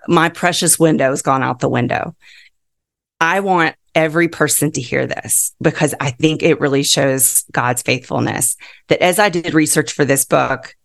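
Earnest woman with a gravelly voice. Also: low voice. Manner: earnest, heartfelt and emphatic. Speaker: guest author and counselor. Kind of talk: casual interview talk.

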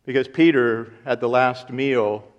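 A man's voice: medium pitch, steady tone, a little slow, muffled recording. A man, a pastor, preaching an earnest sermon who repeats key points and rises in volume for emphasis.

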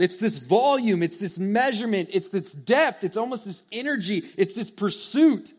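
A young man preaching a sermon to a live audience, earnest and conversational, swinging from hushed to loud emphasis. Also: high voice, very animated, moderate pace, hardly any pauses. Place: church or meeting hall with a live audience.

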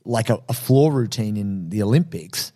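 A man co-hosting a casual podcast chat. He tells film stories with eager enthusiasm and breaks into quick impressions of the people in them. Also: lowish voice, animated, warm tone, breathy edge. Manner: enthusiastic storyteller, fond of film trivia. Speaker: podcast co-host.

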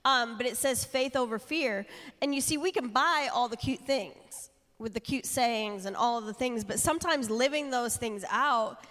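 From a church platform, a woman preaches a sermon candidly and earnestly, building in intensity. Her slightly high, somewhat bright voice moves at a moderate pace, surrounded by the long reverb of a church hall.

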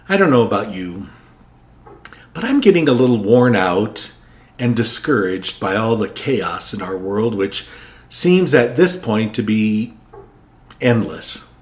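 A male Catholic priest reading the Gospel and preaching a Sunday homily in a conversational, candid way. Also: medium pitch.

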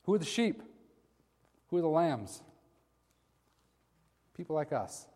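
A man's voice: on the high side, very animated, slow pace, mellow. A man preaching a sermon in a conversational way, talking to his listeners as guys. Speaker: pastor. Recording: long hall reverb.

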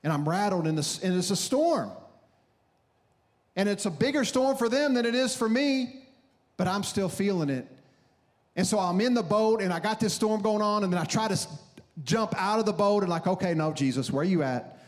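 A man's voice: sits high, expressive, normal speed. A man in his thirties preaching a sermon on a church stage, telling stories animatedly and acting out his own frantic prayers. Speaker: pastor.

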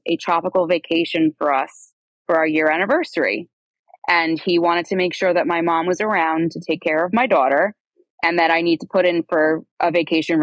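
A woman's voice: on the low side, no room sound, low-quality recording. A woman in her thirties, a podcast guest telling her own story in a conversational, rambling way with asides and self-corrections. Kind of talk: candid personal storytelling.

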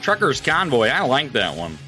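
A man's voice: medium pitch, huge pitch swings, moderate pace, pushed and bright, faint music behind. A man hosting a live political podcast, ranting profanely and sarcastically about the news. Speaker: podcast host.

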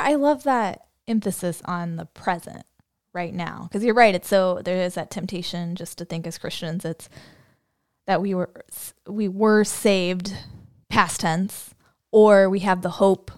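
A woman's voice: fairly low pitch, moderate pace, a little mellow, dry recording, studio quality. A woman who is a deaconess, co-hosting a church podcast in casual chat, friendly and musing aloud.

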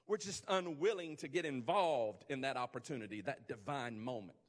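A man's voice: mid-range voice, moderate pace, big-room sound. A man preaching a sermon as pastor, emphatic, using repeated phrases to build intensity. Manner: emphatic, repetitive build-ups, rising intensity.

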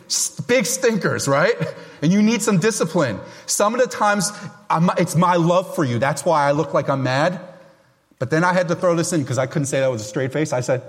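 Loud, emphatic preacher man in a hall. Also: on the high side, a little fast. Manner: loud, emphatic, self-deprecating humor. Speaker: pastor. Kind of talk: sermon.

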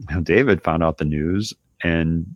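A man's voice: deep voice, moderate pace, dry recording, lo-fi sound. A man hosting a show, giving a casual coaching monologue in a loose, conversational way with lots of filler. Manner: loose, conversational, lots of "you know" and "right?". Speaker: business owner and show host.

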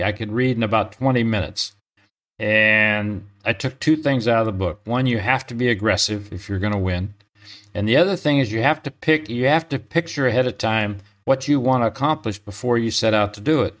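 An older man, a retired pro golfer, telling stories as an interview guest, chatty, often chuckling and restarting mid-sentence. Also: fairly low pitch. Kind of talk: relaxed storytelling.

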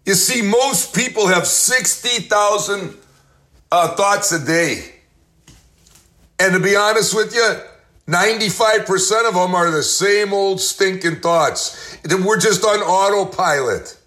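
A man in his late sixties hosting a motivational faith talk, reciting affirmations and telling stories in a slow, emphatic preacherly way. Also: high voice, bright, forceful tone. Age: 60s. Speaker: host.

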